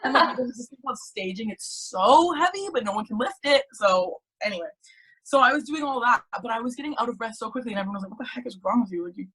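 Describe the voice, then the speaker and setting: A teenage girl in casual chat, telling her story in an animated way with lots of filler words. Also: fairly high pitch, fast talker, husky. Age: teens. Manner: chatty, animated storytelling with many "like"s. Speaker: guest.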